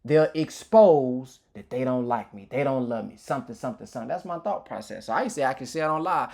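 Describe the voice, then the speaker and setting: Man, motivational speaker, personal testimony, candid, emotional, reflective, informal, frequent restarts, mid pitch. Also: lively intonation, fast, creaky, a little mellow.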